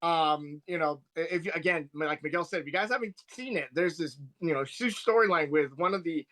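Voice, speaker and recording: A man with a bright, lifted voice, a touch higher than most, talking casually on a podcast. He rambles eagerly, restarting sentences as his excitement runs ahead of him. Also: a little fast. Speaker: podcast co-host. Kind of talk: casual wrestling podcast chat.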